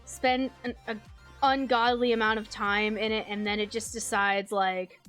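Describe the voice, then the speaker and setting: A woman's voice: fairly high pitch, level tone, moderate pace, fairly bright tone, clean tone, faint music behind. Casual rambling young woman streamer. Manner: rambling, swears casually, frequent fillers and laughs. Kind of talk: casual chat with viewers.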